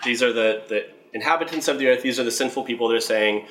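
A man explaining a Bible passage in a relaxed, conversational way, often checking in with "right?" and reading scripture aloud. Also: medium pitch, quick pace, poor audio. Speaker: Bible teacher. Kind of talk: casual Bible teaching.

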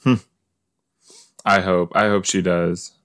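Slow-talking man, rambling host. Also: deep voice, little pitch movement, a bit bright, clean tone, no echo, studio quality. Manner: rambling, chatty, talks to absent listeners. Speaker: podcast host. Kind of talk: casual watch-along commentary.

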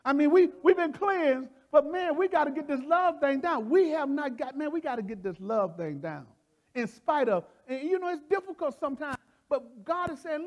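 A man preaching in a folksy, excitable way, often laughing and repeating phrases as he teaches. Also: very high-pitched, normal speed. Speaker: preacher leading a Bible study. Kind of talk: animated sermon teaching.

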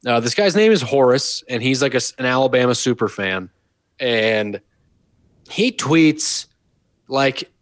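A man's voice: medium pitch, expressive, a little slow, no echo. Man laughing through a casual podcast. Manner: laughing, amused storytelling. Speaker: podcast host. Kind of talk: casual sports podcast chat.

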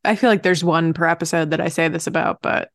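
A woman co-hosting a podcast, recapping a TV episode in a relaxed, wry, casual chat. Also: sits low, fast, dry recording, clean studio sound. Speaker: podcast co-host.

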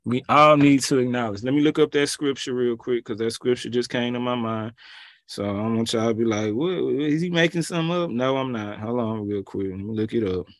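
A man's voice: mid-range voice, steady tone, fairly quick, no room sound. A man preaching and reading scripture aloud, pleading with listeners and mixing in casual asides. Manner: pleading, rising to emphatic peaks; informal, colloquial asides.

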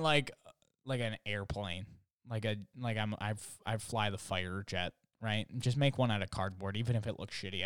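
A man's voice: mid-range voice, clear, resonant tone, no room sound, studio quality. A man telling a funny story in a casual, rambling way, full of fillers and restarts.

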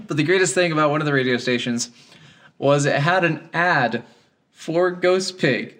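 A man's voice: a little high, measured pace, a bit bright. A young man co-hosting a casual game talk, enthusiastic and laughing as he acts out scenes. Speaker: podcast co-host.

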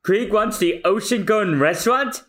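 A man's voice: high-pitched, a little slow, a bit bright, pitched above the performer's own voice. A man voicing panicked restaurant patrons who exclaim in alarm.

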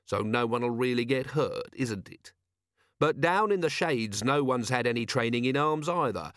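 A man as a gruff, sardonic watch commander. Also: medium pitch, expressive, moderate pace, a bit bright, dry recording, lightly acted. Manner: dry, sarcastic, streetwise drawl. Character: gruff, sardonic middle-aged male city watch commander.

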